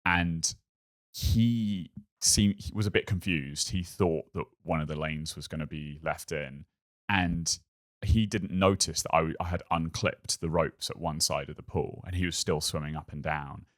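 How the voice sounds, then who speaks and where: A man's voice: a bass voice, measured pace. A man, a podcast guest, telling a funny story in casual chat. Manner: animated, acts out shouted quotes.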